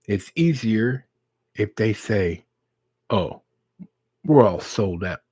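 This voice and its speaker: A friendly drive-thru worker lady, brisk and confiding, as a man puts her on in a husky, low voice. She talks quickly and a little louder, sharing an inside tip. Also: lively intonation, no room sound, full character voice. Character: friendly, chatty fast-food worker woman.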